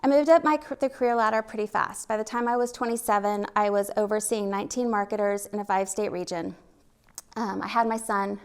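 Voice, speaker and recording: A woman's voice: mid-range voice, fairly bright tone, clean tone. A middle-aged woman from Oklahoma with a slight Oklahoma accent, telling her personal story on stage with candid, self-deprecating humor. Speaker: storytelling speaker. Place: stage at a live event.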